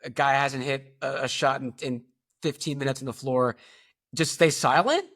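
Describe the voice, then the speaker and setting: A man's voice: mid-range voice, fairly even intonation, moderate pace, fairly bright tone. A man around forty co-hosting a podcast, thinking aloud with frequent fillers like "like" and "uh". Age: late 30s to early 40s. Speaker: podcast co-host. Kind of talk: casual opinion chat.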